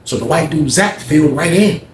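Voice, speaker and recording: A man casually telling a story in a slangy, animated way, recorded in an echoey room. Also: on the high side, moderate pace, slight background noise.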